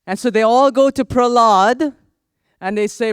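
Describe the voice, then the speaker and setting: A man's voice: very high voice, unhurried, clear, resonant tone, no room sound, clean studio sound. A man telling a sacred story as a spiritual teacher, dramatic and drawing in his audience. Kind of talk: storytelling sermon.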